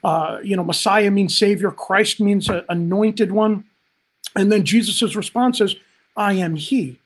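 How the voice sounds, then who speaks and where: A man's voice: high-pitched, steady tone, measured pace. A man speaking as a pastor on a livestream, upbeat and talking straight to viewers in the chat. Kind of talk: livestream Bible teaching.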